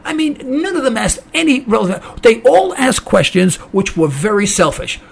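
Male American talk-radio host, opinionated monologue, high raspy gravelly voice. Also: sing-song, a little fast. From United States. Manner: indignant, ranting, mocking quoted voices.

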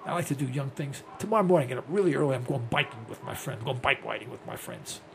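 A man's voice: mid-range voice, quick pace, gravelly, a bit bright, a little hiss or hum. A man in his sixties hosting a rambling, blunt talk radio monologue. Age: 60s. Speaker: host.

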